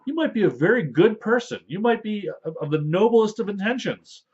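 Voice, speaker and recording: A man's voice: high voice, big pitch swings, fairly quick, a little mellow. A man in casual talk explaining rules for a tabletop game, rambling with fillers and playful asides. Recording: dull lo-fi audio.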